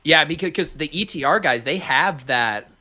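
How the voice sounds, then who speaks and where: A laid-back man co-hosting a casual sports podcast, with a bright, sharp tone pitched a little above the usual. He talks loosely, filling gaps with "um" and laughing easily. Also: animated, moderate pace. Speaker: co-host.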